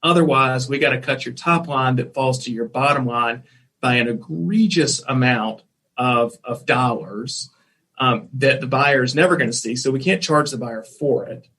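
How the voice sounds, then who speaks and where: Male host, mid-pitched, recaps and reasons through the guest's points. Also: normal speed, fairly bright tone. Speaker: podcast host. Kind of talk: podcast interview.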